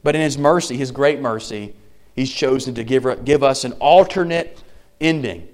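Brief Male pastor, thirties, mid-pitched, preaches with big swings from loud emphasis to hushed tenderness. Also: moderate pace. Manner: animated preaching, swinging from loud emphasis to soft near-whisper. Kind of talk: sermon.

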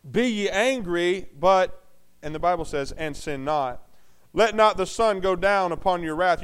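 A middle-aged male pastor preaching a sermon, moving between loud emphatic bursts and quiet, hushed intensity. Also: sits high, clean tone.

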